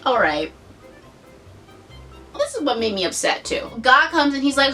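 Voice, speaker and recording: Animated sarcastic young woman vlogger. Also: high-pitched, moderate pace, far from the mic, soft background music. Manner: animated, sarcastic, swears, lots of "like". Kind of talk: casual chat to camera.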